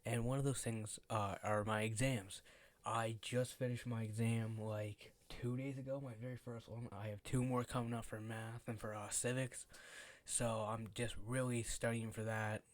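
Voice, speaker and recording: Rambling, swearing teenage vlogger. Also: male voice, mid-range voice, level tone, moderate pace. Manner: rambling, swears a lot, many fillers. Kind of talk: casual storytime vlog.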